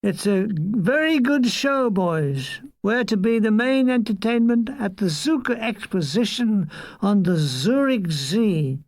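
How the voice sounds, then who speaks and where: A man's voice: high-pitched, animated, slow, no room sound. A man voicing a hyperactive balding showbiz promoter in his thirties, all eager salesman patter.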